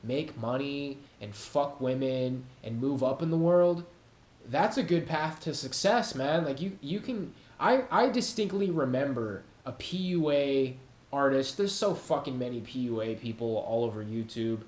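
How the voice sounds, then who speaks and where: A man's voice: medium pitch, animated, unhurried, darkish tone. A man talks off the cuff on his own channel, slangy and full of swearing, laughing now and then at his own jokes. His voice sits mid-range. The room gives it a noticeable echo. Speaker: YouTube channel host. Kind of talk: casual monologue to camera. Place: home room with cats.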